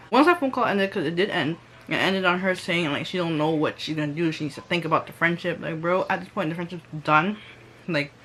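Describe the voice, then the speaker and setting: A woman's voice: mid-range voice, a little hiss or hum. A young woman telling a storytime vlog in casual, slangy talk, acting out what others said. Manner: animated, slangy, reenacts quotes. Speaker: vlogger.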